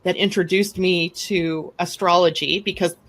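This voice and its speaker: A middle-aged woman hosting a live astrology show, chatting casually and telling stories with lively acted-out quotes. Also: fairly low pitch, moderate pace. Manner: animated storyteller who acts out quoted speech. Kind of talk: casual conversational storytelling.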